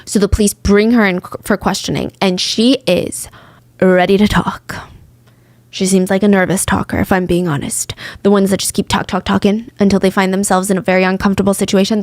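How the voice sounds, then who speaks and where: A young woman hosting a true crime podcast, telling the story casually with lively asides and acted-out quotes. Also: mid-range voice, no room sound.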